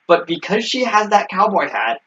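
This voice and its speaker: A man's voice: sits high, very animated, normal speed, sharp tone. A man co-hosting a casual recap chat, explaining things with many ums and restarts. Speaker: podcast co-host. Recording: dull lo-fi recording.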